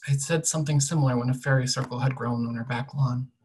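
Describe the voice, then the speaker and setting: On a rough recording, a young adult author quietly reads a passage from their novel, soft and measured, often letting sentence endings trail away. The voice is husky and mid-range, with fairly even intonation.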